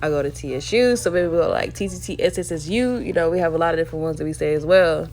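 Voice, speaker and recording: A woman's voice: sits low, fast talker, darkish tone, faint music behind. A young woman from Alabama telling a dating story in a casual, chatty way, leaning on "you know" and laughing often.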